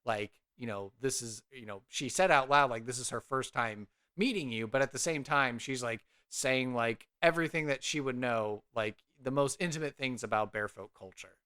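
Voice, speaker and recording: A man's voice: medium pitch, normal speed, few pauses, bright, forceful tone, clean tone. Rambling man narrating his character. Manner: rambling, many fillers. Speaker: player. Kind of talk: casual tabletop narration.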